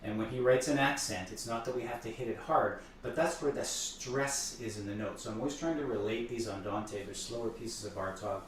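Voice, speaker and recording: A man explaining piano music as a teacher, thoughtful and unhurried, sometimes stumbling over repeated words. He sits back from the mic, so his voice carries a strong room echo with a faint hum behind it. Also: fairly low pitch. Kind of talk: explaining piano repertoire between playing. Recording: echoey room, voice far from the mic.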